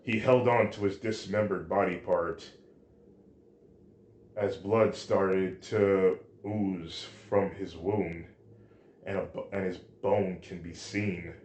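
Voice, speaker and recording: Man reading a fan story, lowish voice, halting, roomy echo. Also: darkish tone, slight background noise. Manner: halting, with restarts.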